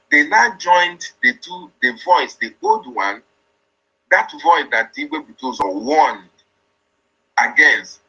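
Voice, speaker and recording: A man's voice: mid-range voice, bright, forceful tone, husky, dull audio. A man hosting online commentary, repeating points and explaining step by step.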